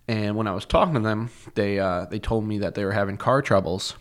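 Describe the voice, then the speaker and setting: A man's voice: lowish voice, fairly quick. A young man, a podcast guest, telling casual stories with lots of fillers and swearing. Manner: animated, profane, full of filler words. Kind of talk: casual storytelling.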